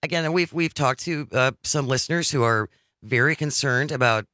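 A man with a bright voice hosts a talk radio show, reading the news in an even way and then chatting about it. The sound is dry and close. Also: medium pitch, moderate pace, no echo. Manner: reads news items, then chats.

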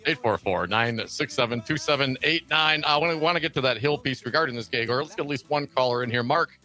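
A man's voice: mid-range voice, fast, sharp tone, soft background music. A man co-hosting a talk radio show, reading the call-in number and tossing in dry, wry asides. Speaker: radio co-host.

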